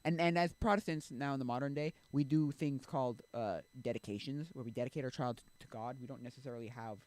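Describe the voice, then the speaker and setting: This medium-pitched man talks fast on a dry recording while streaming a loose, rambling chat about faith. He keeps interrupting himself, stopping and starting over, and leans on plenty of fillers. Quotes he acts out come with a sudden, animated lift.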